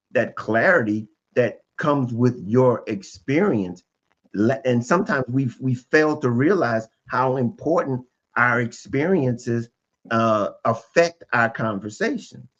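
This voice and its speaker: A man's voice: mid-range voice, measured pace, dull audio. A man, a guest relationship expert on a podcast, explaining emphatically and restating his points again and again.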